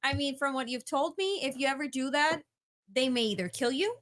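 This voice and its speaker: A woman's voice: high voice, expressive, a little fast, a bit bright. A woman co-hosting a casual podcast chat, chiming in with brief reactions and laughing often. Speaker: co-host.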